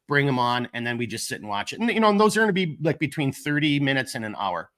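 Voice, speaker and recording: A man's voice: medium pitch, sing-song, quick pace, a bit bright. A middle-aged man with a Minnesotan accent, coming down with a cold, rambling casually and joking at his own expense as he hosts a livestream. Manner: rambling, self-deprecating, joking. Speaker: livestream host of a gear company channel.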